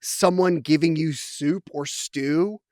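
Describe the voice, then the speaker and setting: A man's voice: fairly high pitch, slow, darkish tone, no room sound, studio quality. A man co-hosting a podcast in casual comedic chat. He riffs freely and swears a lot. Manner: riffing, jokey, swearing freely. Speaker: podcast co-host.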